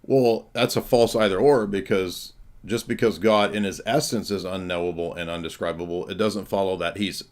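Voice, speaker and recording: A man's voice: low-pitched, steady tone, moderate pace. A man hosting a heated stream debate, combative and insulting, pressing the same question over and over. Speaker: host.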